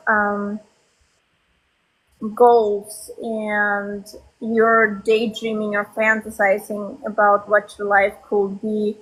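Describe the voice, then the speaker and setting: A woman psychic medium giving a live reading to a sitter, speaking softly and reassuringly with frequent ums. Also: mid-range voice, poor audio.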